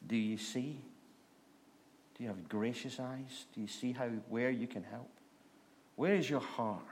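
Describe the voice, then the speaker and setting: A male preacher delivering a sermon in a middle-pitched voice. He leans on repeated rhetorical questions and drags out key phrases for weight.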